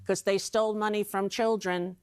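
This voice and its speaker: A woman's voice: medium pitch, steady tone, moderate pace, smooth. A woman, talking emphatically with many restarts as a guest on a live TV interview. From New York. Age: 60s. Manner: emphatic, rambling, with frequent restarts.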